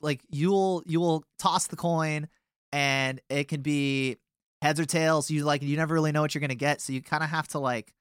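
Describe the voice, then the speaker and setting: A man's voice: fairly high pitch, fairly even intonation, normal speed, a bit bright, clear, resonant tone, no echo, clean studio sound. A young man in a band chatting casually as a guest, rambling through a story with lots of filler words. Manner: rambling, many fillers and restarts. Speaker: touring band member, guest.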